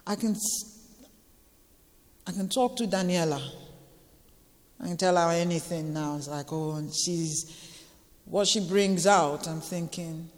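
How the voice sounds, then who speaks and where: A woman in her forties sharing an emotional personal testimony with a church gathering, halting and tearful, repeating phrases for emphasis. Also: fairly low pitch, long reverb tail.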